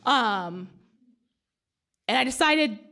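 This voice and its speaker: Animated woman storyteller. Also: on the high side, extremely slow. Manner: animated, self-deprecating, funny. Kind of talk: live comic storytelling. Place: stage before a live audience.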